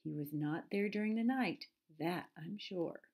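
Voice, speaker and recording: A strong, proud buck from a children's tale who boasts about his speed and antlers, read by a woman. The voice is low, gravelly and husky. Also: unhurried, a little mellow. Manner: boastful and sure of himself.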